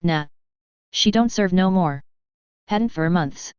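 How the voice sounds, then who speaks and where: Woman doing a loud crude soldier man, blunt and rough-spoken, low smooth voice, dry sound. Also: animated, slow, no room sound. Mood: gruff. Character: big, crude, boisterous male soldier. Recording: slightly dull, dry lo-fi recording.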